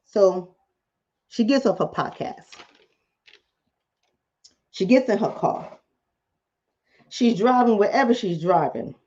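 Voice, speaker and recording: A woman's voice: mid-range voice, expressive, slow pace, long pauses, darkish tone, lo-fi sound. A woman vlogger, talking emphatically and preachily straight to her viewers in a casual commentary monologue.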